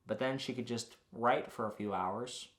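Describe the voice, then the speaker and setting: A man's voice: medium pitch, moderate pace, a bit bright. A young man, a YouTuber, giving a rambling, joking recap that is full of swearing.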